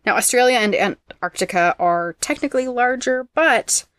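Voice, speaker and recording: A woman hosting a podcast who reads out trivia facts in a brisk, teasing way and laughs often. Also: fairly high pitch, lively intonation, fairly bright tone, no room sound, clean studio sound. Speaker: podcast host presenting trivia. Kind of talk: casual trivia chat, reading facts.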